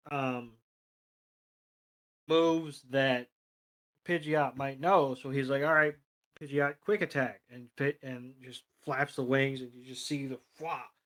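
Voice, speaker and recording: A man's voice: mid-range voice, pushed and bright. A man co-hosting a podcast, casually recapping a battle and correcting himself along the way. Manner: casual, loose, self-correcting. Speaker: podcast co-host.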